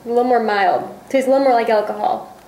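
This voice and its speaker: A woman's voice: fairly high pitch, fairly even intonation, fast talker, gravelly, a little mellow, slight background noise. A young woman co-hosting a casual sports chat, chattily telling travel stories. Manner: chatty, storytelling. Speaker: co-host. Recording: roomy echo.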